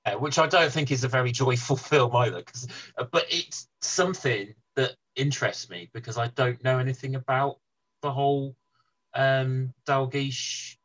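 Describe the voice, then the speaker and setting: A man co-hosting a casual film podcast, talking with hesitant pauses. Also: mid-range voice, a bit bright, lo-fi sound. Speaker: podcast co-host. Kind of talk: casual chat.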